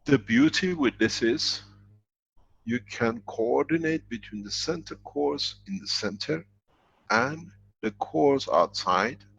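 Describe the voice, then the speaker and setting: Middle-aged male lecturer, gravelly and low, halting phrasing, muffled lo-fi call audio. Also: lively intonation, a bit bright, slight background noise. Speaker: foundation leader answering questions. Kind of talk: lecture with questions and answers.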